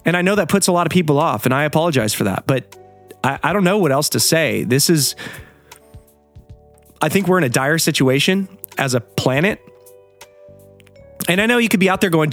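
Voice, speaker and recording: Fired-up man ranting, lively pitch. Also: a little fast, pauses often, faint music behind. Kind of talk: heated solo monologue.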